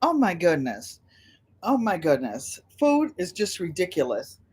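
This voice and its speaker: A woman's voice: on the low side, big pitch swings, a little slow, darkish tone, slightly rough. Older woman, rambling livestream chat, greets viewers by name, friendly talkative host. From United States.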